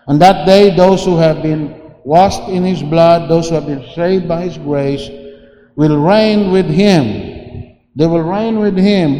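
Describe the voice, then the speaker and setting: Slow preacher in an echoey hall. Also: male voice, a little high, mellow, a little hiss or hum. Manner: slow, repetitive, with many restarts and fillers. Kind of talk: sermon. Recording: echoey hall with long reverb.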